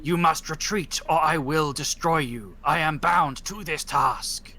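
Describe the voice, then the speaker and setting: A man voicing a solemn spirit of fire and glass that questions intruders slowly and insistently. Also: fairly high pitch, pushed and bright, a little hiss or hum.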